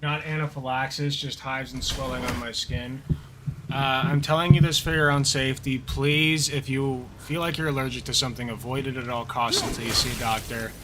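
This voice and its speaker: A man's voice: medium pitch, steady tone, fairly quick, noisy background. A man on a live stream giving an earnest, cautionary warning in casual chat.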